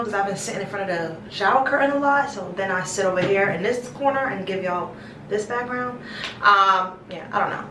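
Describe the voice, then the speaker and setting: A woman's voice: on the high side, bright, forceful tone, slight background noise. A young woman vlogging in a small bathroom, chatting to her viewers in a rambling, affectionate way and calling them her babies. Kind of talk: casual chat to camera. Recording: echoey bathroom, distant mic.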